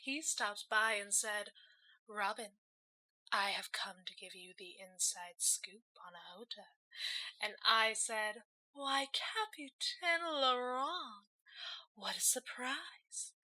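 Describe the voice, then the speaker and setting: A woman's voice: a little high, slow pace, sharp tone, heavily acted, low-quality recording. A woman playing a gushing radio wisdom host. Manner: gushing, theatrical broadcaster patter. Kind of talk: in-character radio segment.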